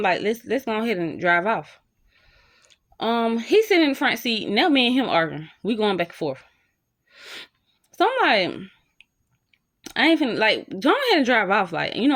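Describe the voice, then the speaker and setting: Animated young woman telling a story. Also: mid-range voice. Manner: animated, slangy, talks straight to viewers. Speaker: storytime vlogger. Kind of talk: casual storytime to camera.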